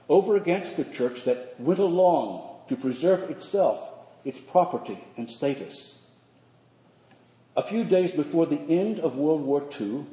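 An older man, a priest, preaching a sermon in measured, earnest phrases with slow emphatic pauses. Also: a little high, expressive, dark tone. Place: church sanctuary. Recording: echoey church hall.

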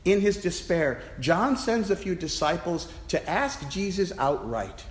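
A man's voice: sits high, expressive, measured pace, few pauses. A man, a priest, giving a reflective, story-telling sermon from the pulpit of a church. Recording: echoey church with long reverb.

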